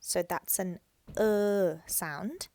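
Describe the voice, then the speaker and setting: A woman teaching Thai tones, explaining slowly and modelling each word in a louder, raised voice. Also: on the low side, vocal fry, no room sound, clean studio sound.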